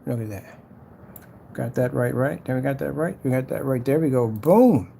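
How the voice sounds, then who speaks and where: A small business owner talks along a screen recording while designing his product's ad, boasting, hyping it and trash-talking rivals, muttering and whispering to himself as he works. His medium-pitched voice is gravelly and mellow at normal speed, with slight background noise.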